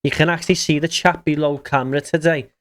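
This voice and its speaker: A man's voice: fairly high pitch, fairly even intonation, fast, fairly bright tone. A man streaming a game, chatting casually and bluntly with swearing as he reads out viewer messages. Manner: blunt, swearing, reads chat aloud, chuckles often. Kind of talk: casual livestream chat while gaming.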